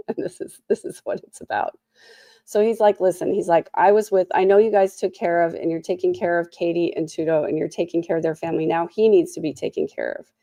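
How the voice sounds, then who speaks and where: A woman's voice: fairly low pitch, steady tone, brisk, warm tone, no room sound, studio quality. A tired woman with a sore throat hosting a casual trial recap, full of snarky, sarcastic asides. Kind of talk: casual commentary.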